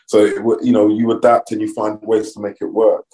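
A middle-aged man, a guest on a podcast, telling his story in a measured, reflective way with frequent pauses. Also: on the low side, little pitch movement, mellow, poor audio. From London, England. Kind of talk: casual interview conversation.

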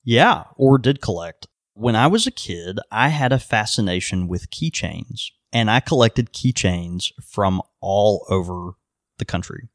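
A man co-hosting a podcast, telling stories in a relaxed, self-mocking way. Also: on the low side, unhurried, no echo, studio quality. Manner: laid-back, self-mocking storyteller. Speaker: podcast co-host. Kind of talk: casual chat.

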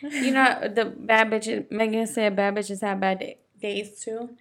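A woman's voice: mid-range voice, steady tone, measured pace, fairly bright tone. A young woman in casual chat, speaking candidly, swearing freely and laughing often.

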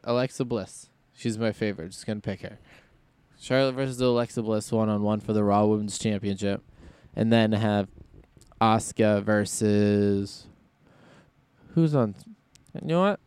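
A man's voice: lowish voice, fairly even intonation, measured pace, a little mellow, clean tone. A man hosting a solo podcast in casual chat, rambling and thinking aloud as he goes. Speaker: podcast host.

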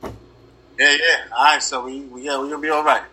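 A man's voice: mid-range voice, level tone, brisk, a crowd in the background. A man guesting on a podcast, talking casually with many ums and casual swearing, over a laptop microphone. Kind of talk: casual chat. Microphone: laptop mic.

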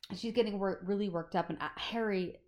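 Animated woman retelling a story. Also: medium pitch, fast, crowd noise. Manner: animated retelling, acts out characters' lines. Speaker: book podcast co-host. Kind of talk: casual book discussion.

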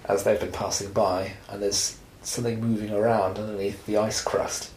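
A man's voice: fairly low pitch, little pitch movement, normal speed, a little mellow, reverberant, a little hiss or hum, low-quality recording. A man co-hosting a casual film podcast, recapping the plot and teasing and correcting his co-host.

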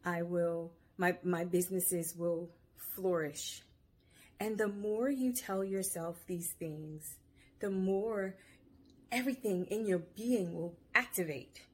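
A woman's voice: lowish voice, takes it slowly. A woman hosting her own video podcast, talking casually and giving upbeat, encouraging motivational advice. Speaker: podcast host. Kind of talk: motivational self-help talk. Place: home. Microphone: video podcast camera mic.

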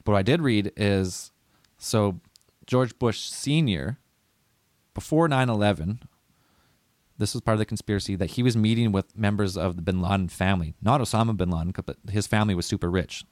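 Rambling, profane man, low voice. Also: a little fast, a little mellow, dry recording. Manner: rambling, profane, loses his notes. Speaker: podcast host. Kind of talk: casual conspiracy podcast chat.

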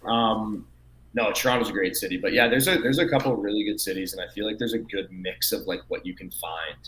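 A man with a Canadian accent, a podcast guest chatting casually, rambling and halting with many fillers. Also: fairly low pitch, fairly bright tone, a little hiss or hum, rough recording. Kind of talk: casual chat.

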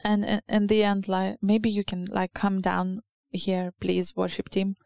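Female preacher, English. Unhurried delivery, some fry, earnest and halting sermon. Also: medium pitch, monotone, darkish tone, dry recording. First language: Lithuanian.

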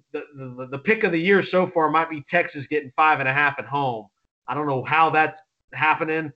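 Guy talking football picks, rambly and excitable, kinda high voice, muffled lo-fi sound. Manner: rambling, excitable, frequent restarts. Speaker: sports podcast co-host. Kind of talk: casual sports betting chat.

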